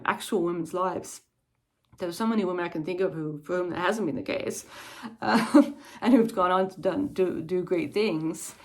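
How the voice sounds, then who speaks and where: A woman's voice: mid-range voice, darkish tone. Female book vlogger, casual and musing, mid-range voice. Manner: thoughtful, digressive musing. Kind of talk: casual chat.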